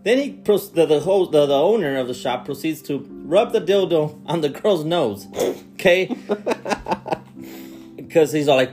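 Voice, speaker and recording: A man on a casual podcast recaps a bizarre film with disbelief. His voice swings widely up and down and sits a little high. A faint guitar plays behind him. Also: moderate pace. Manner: animated, incredulous storytelling with swearing. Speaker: podcast co-host. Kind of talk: casual movie recap chat.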